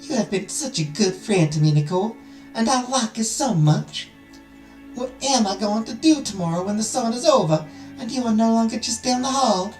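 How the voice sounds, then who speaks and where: Shy young princess, Southern accent, high and gushing, roomy echo, music underneath. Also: male voice, expressive, moderate pace, darkish tone. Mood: tearful. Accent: Southern US, put on. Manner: gushing, affectionate, earnest. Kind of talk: reading a visual novel aloud, voicing characters.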